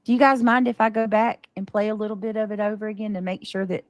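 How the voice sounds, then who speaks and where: A woman's voice: medium pitch, flat delivery, fast, no room sound, highs cut off. A woman talking casually on a livestream, often stopping and restarting her sentences. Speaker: livestreamer being reacted to.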